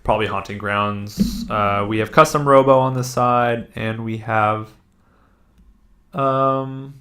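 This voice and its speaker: Man, gaming podcast co-host, casual rambling chat, mid-pitched voice, loose and jokey delivery. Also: fairly even intonation, takes it slowly, fairly bright tone. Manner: rambling, lots of fillers and laughs.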